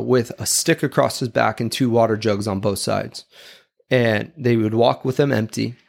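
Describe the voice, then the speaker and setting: Earnest gravelly man giving a sermon. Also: medium pitch. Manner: earnest, confessional, reflective. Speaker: speaker giving a devotional talk. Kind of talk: sermon-style talk.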